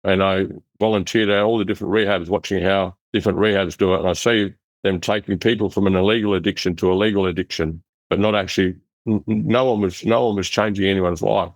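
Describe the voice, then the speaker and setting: Aussie bloke rattling off a story quick, low-ish voice, rough and blunt, dry close sound. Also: male voice, no room sound. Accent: Australian. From Western Australia. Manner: rough, blunt and animated, acts out the voices he quotes. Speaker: interview guest. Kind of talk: casual storytelling.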